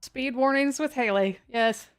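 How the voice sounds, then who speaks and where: A woman's voice: sits high, unhurried, smooth, faint music behind. A woman hosting a live severe weather stream in a chatty, scattered, self-mocking way. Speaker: severe weather livestream host. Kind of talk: casual live commentary.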